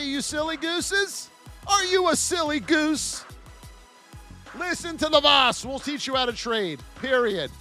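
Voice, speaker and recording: A man hosting a live trading lesson, loud and joking, calling out viewers by name as he reads off price levels. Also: very high voice, very animated, unhurried, soft background music. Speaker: trading educator and livestream host. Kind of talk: energetic live market commentary.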